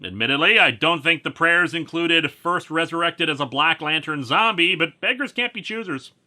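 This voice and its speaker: A man narrates a comic book review with a steady stream of wry, sarcastic asides. His voice is strikingly bright and sharp, sitting a little high, and it moves around animatedly. He has the relaxed, practiced flow of a regular host. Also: normal speed.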